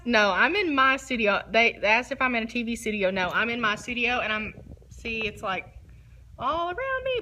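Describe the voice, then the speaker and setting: Bubbly, chatty woman hosting a livestream; high-ish, bright voice. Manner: bubbly, giggly and chatty, self-described nervous. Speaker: photographer hosting a live online talk. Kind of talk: casual livestream talk. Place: her photo studio, facing a window.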